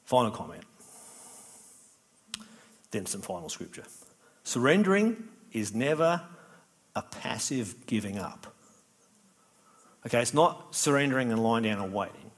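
A man's voice: mid-range voice, very animated, unhurried, long pauses. A middle-aged man preaching a sermon in a conversational way, acting out little dialogues. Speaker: pastor.

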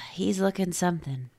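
Female co-host, teasing and playful, slightly low voice. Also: a little mellow. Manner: playful, teasing, laughs often. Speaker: podcast co-host. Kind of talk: casual chat about comics.

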